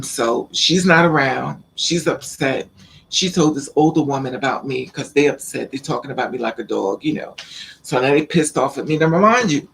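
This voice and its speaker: A man sits and talks straight to the camera, spinning a long personal story in a loose, rambling way. His voice sits a bit higher than most men's and carries a gravelly fry. He talks in animated, slangy street speech. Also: a little hiss or hum. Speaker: vlogger. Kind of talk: casual storytelling monologue.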